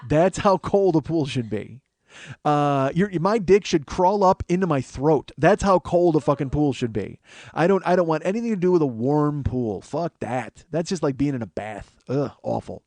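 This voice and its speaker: A man's voice: on the high side, lively intonation, normal speed, a little mellow, dry recording. A man hosting a podcast, telling rambling, profane comic stories in a casual monologue. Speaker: podcast host.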